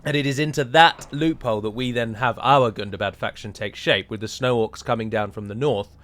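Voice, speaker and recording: A man's voice: medium pitch, fairly quick, fairly bright tone. A man giving chatty, wry commentary while playing a strategy game, wandering into rambling asides. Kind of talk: gameplay commentary.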